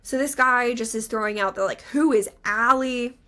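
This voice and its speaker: A woman's voice: fairly high pitch, normal speed. A young adult woman co-hosting a podcast, telling a story in casual chat, acting out quotes and saying "like" often. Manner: animated storyteller, acts out quotes, many "like" fillers. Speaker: podcast co-host.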